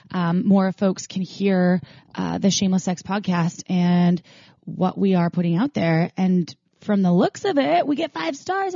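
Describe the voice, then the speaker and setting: A woman's voice: mid-range voice, mellow, dry recording. A woman co-hosting a sex podcast in casual, chatty and upbeat talk. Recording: dry, dull lo-fi sound.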